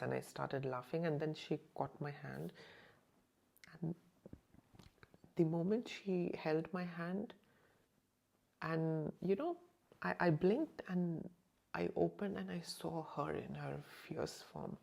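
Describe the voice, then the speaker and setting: A channel host recounts a personal experience in an emotional first-person story, her voice low, gravelly, and darkish, her pace a little slow. She's hesitant, fills gaps with "you know," and drops to a near-whisper at intense moments.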